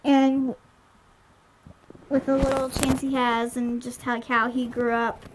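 A woman's voice: sits high, flat delivery, slow pace, background noise. A young woman casually recapping a TV episode with lots of fillers, sometimes losing track of her notes. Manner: rambling, many fillers, loses track of notes. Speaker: podcast host recapping a TV episode. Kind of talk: casual chat. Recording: dull lo-fi recording.

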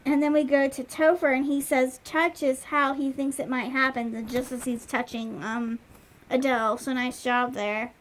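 On a dull lo-fi recording with slight background noise, a young woman recaps a TV episode for her podcast in casual chat. Her high voice stays level at a normal speed, and she rambles with plenty of fillers, sometimes losing track of her notes.

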